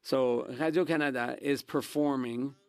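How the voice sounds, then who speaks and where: Gravelly man making a blunt parliamentary speech. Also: medium pitch, steady tone, unhurried, no echo. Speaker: member of parliament. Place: legislative chamber.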